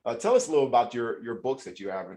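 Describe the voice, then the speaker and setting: Man, host, mid-pitched voice, friendly, rambling, casual video call chat. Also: animated, rapid-fire, darkish tone. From Louisiana, United States.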